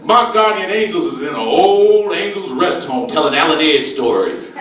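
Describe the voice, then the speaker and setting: This stand-up routine features a brash, streetwise man in his sixties who exaggerates wildly and says "baby" often. His fairly high voice is very animated at a moderate pace. There's crowd noise, and the distant mic sits in an echoey room.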